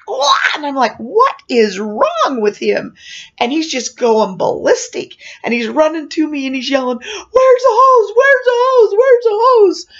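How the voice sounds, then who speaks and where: A woman recounts a memory in an animated storytelling manner, slipping into voiced quotes of the people in it. Her mid-pitched voice has a gravelly edge. The recording sounds a little dull and muffled. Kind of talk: personal storytelling.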